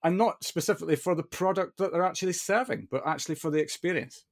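A man's voice: high voice, quick pace. A man hosting a podcast, reflecting on his guest's story in a thoughtful, conversational way. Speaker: podcast host. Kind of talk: conversational interview.

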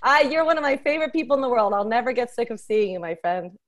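Bubbly, excitable woman podcast host. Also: on the high side, fast talker, slight background noise. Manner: effusive, excitable, playful teasing. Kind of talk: podcast intro and panel moderating.

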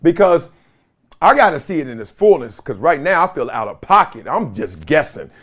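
Animated man talking to camera at home. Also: on the high side, moderate pace. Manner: animated, slangy, laughs often. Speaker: podcast host. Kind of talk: casual solo commentary. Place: home basement. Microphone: video camera or phone.

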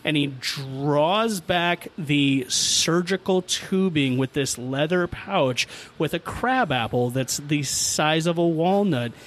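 A middle-aged man hosting a podcast, telling a childhood story in a profane, animated way and laughing as he goes. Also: on the high side, slow pace, a little hiss or hum. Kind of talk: casual storytelling among friends.

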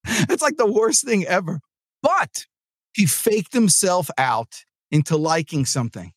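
Here a sales podcast host and trainer from New Jersey speaks in a high voice, a touch slowly, on a dry track. His motivational monologue is casual and animated, rambling along with many restarts.

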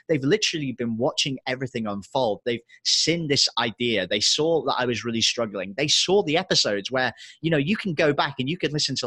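A young man speaks earnestly and confessionally, piling on fillers as he tells his story. His voice is bright and somewhat husky, and it sounds dry and close. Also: medium pitch, no room sound. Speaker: podcast guest and entrepreneur. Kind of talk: emotional personal story in an interview.

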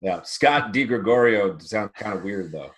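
A man's voice: fairly low pitch, lively intonation, normal speed, a bit bright. A man co-hosting a casual podcast, chatting in a laid-back, joking way. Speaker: podcast co-host.

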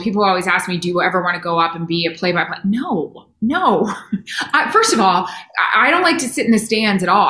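A middle-aged woman working as a sideline reporter tells animated, self-deprecating stories in a casual interview. Her pitch is medium, and she speaks in quick bursts with restarts. The recording has a roomy echo.

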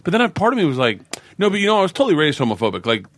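A man's voice: on the high side, rapid-fire, no room sound. A middle-aged man from the American South, telling stories in casual chat and acting out the people he quotes. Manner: animated storyteller, acts out quotes.

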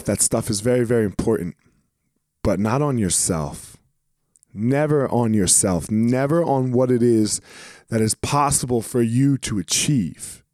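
A man's voice: medium pitch, a little mellow, no room sound, studio quality. Plain-spoken man giving a pep talk. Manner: casual, profane, repeats words for emphasis. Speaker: former professional fighter giving motivational talk. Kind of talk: casual motivational monologue.

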